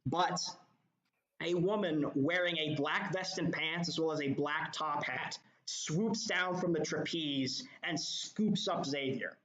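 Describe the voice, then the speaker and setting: Male game master, fairly high voice, loose rambling narration, roomy muffled sound. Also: slow pace, fairly bright tone. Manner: rambling descriptive narration with fillers. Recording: echoey, dull lo-fi.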